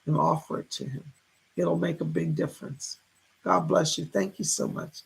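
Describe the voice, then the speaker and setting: A man hosting a live psychic reading stream, thanking viewers and passing on messages from spirits in a chatty, animated way. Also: fairly high pitch, normal speed, gravelly, husky. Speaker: psychic medium host.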